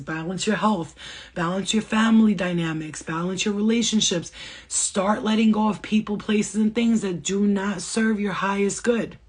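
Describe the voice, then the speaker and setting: Woman, husky, fast talker, blunt, swearing, casual livestream spiritual reading. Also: medium pitch. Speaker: spiritual channeler giving a reading.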